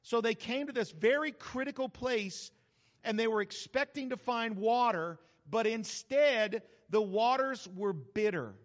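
A man from New Mexico, a pastor preaching a sermon in a folksy, humorous, animated storytelling manner. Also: very high-pitched, a little slow. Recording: reverberant hall, slightly dull sound.

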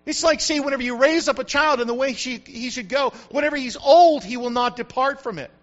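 High-voiced older preacher, lo-fi sound. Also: male voice, brisk, fairly bright tone. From United States. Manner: preaching with repetition and rising emphasis. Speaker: pastor. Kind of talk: sermon.

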